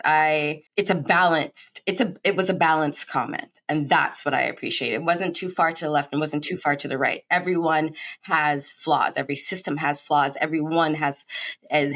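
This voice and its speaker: A woman co-hosting a show review, talking in a teasing, emphatic and animated way. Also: sits low. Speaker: show co-host. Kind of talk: casual review chat.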